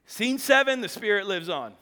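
A male pastor delivers his sermon in a high, bright and crisp voice. He tells the story dramatically and drops joking asides to the congregation. His voice rings with the long reverb of a large hall. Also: expressive, moderate pace.

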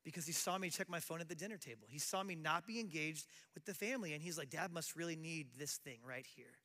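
A man's voice: fairly high pitch, fast talker, bright, forceful tone, long reverb tail. A middle-aged man preaching a sermon as pastor, conversational, often acting out quoted apologies.

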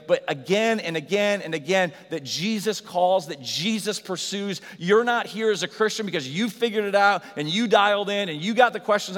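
A pastor delivering a sermon, his somewhat high voice swinging between loud urgency and hushed softness. The long reverb of a large church hall trails behind each phrase. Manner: dynamic preaching, loud and soft by turns. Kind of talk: Easter sermon.

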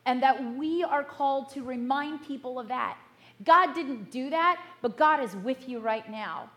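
A middle-aged woman pastor giving a sermon in an earnest, measured way, slowing down to stress key words. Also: high-pitched. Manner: earnest, measured, slows for emphasis.

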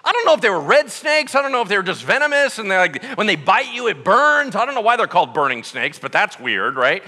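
Lively high-voiced guy preaching, bright tone, echoey hall. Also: fast. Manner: animated storytelling with comic voices. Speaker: pastor. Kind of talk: sermon.

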